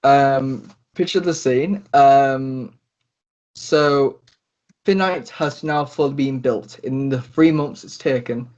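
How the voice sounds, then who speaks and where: A man narrating a tabletop role-play as game master, rambling with many pauses and restarts. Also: medium pitch, darkish tone. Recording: dull lo-fi recording.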